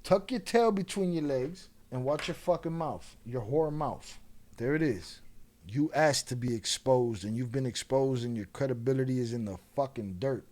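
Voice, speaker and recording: A man's voice: mid-range voice, lively intonation, moderate pace, darkish tone. A man hosting his own channel, delivering an angry, profane, taunting commentary rant at a rival. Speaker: channel host.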